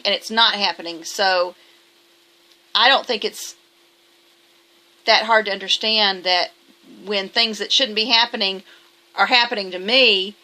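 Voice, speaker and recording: A woman's voice: mid-range voice, sharp tone. A woman talking casually to camera in a vlog, emphatic and defensive, rambling with restarts. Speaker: vlogger.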